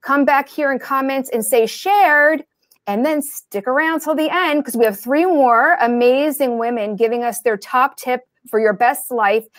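A woman's voice: high voice, measured pace, no room sound, clean studio sound. A woman co-hosting a live video chat, gushing and enthusiastic as she talks to guests and viewers. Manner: effusive, enthusiastic. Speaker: co-host.

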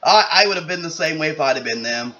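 A man's voice: fairly high pitch, lively intonation, fast talker, sharp tone, dull audio. A man speaking earnestly and gratefully as he closes out his own game video. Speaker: channel creator. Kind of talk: casual video outro.

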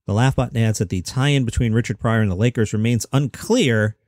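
A man's voice: medium pitch, brisk, darkish tone, no room sound, studio quality. A middle-aged man hosting a comedy news podcast, chatty with jokey asides. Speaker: host.

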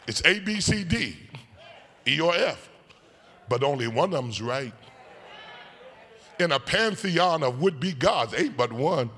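Bishop delivering a call-and-response sermon; a man with a fairly high, bright voice, whooping cadence, big church echo. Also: big pitch swings, takes it slowly, pauses often, a little hiss or hum. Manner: call-and-response preaching, swinging from soft to shouted; sing-song whooping cadence. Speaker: bishop preaching. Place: church sanctuary. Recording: long church hall reverb.

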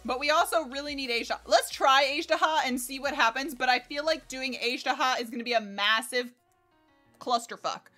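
A woman streamer giving chatty, excitable live commentary while playing a co-op game, laughing and swearing often. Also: high voice, fairly quick. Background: faint game music.

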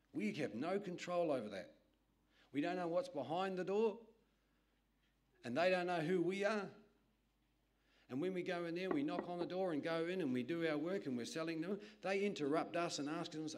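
A man, a literature evangelist, telling a lively anecdote in a sermon with asides to his listeners. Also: on the high side. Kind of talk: storytelling sermon.

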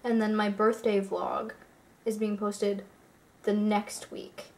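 A woman's voice: medium pitch, flat delivery, slow, a little mellow. A young woman chatting casually to her viewers in a rambling vlog, full of fillers. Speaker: YouTuber.

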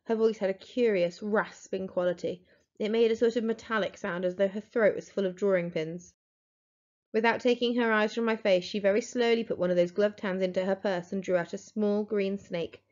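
Expressive woman reading a story aloud. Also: mid-range voice, normal speed. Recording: dull lo-fi recording.

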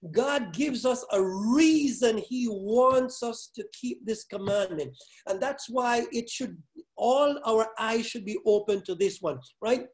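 A pastor giving a sermon, hammering key words over and over and firing questions at the congregation. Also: medium pitch. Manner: halting restarts, then building force.

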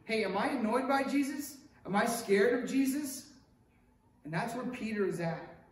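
A man's voice: extremely high pitch, lively intonation, moderate pace. A middle-aged male pastor preaching a sermon, telling stories with acted quotes and asides. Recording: echoey room picked up from a distance.

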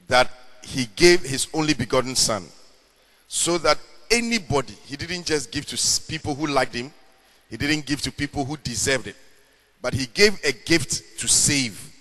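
A middle-aged male pastor delivering a sermon in a slow, measured way, stretching words for emphasis. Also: medium pitch, sharp tone. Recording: long hall reverb.

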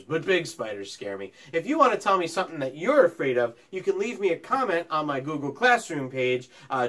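A man's voice: on the high side, a bit bright. A male teacher at home, reading a story aloud and asking young pupils friendly questions. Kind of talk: story time read-aloud for children.

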